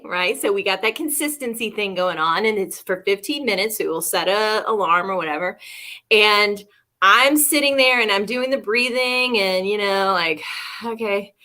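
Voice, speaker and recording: A woman's voice: mid-range voice, expressive, moderate pace, sharp tone. A woman co-hosting a livestream who chats easily, laughs often and speaks straight to her viewers. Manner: chatty, laughs often, addresses viewers directly. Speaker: co-host. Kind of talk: casual livestream talk.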